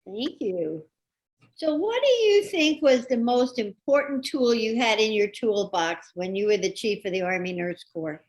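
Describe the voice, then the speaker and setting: A woman's voice: fairly high pitch, lively intonation, unhurried. Woman asking a polite interview question. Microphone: video call.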